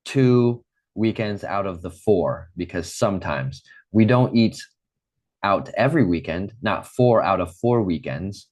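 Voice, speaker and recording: Man, very low voice, patient teacher, slow drills, repeat-after-me lesson. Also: lively intonation, darkish tone. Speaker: English teacher. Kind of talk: online English lesson.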